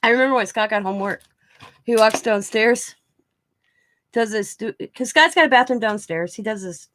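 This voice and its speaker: A middle-aged woman talks straight to her viewers in a loose, rambling way. Her voice sits a little high, and she laughs often and restarts her sentences as the stories spill out. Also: normal speed, a bit bright, slight background noise. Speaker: craft vlogger. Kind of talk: casual storytelling chat.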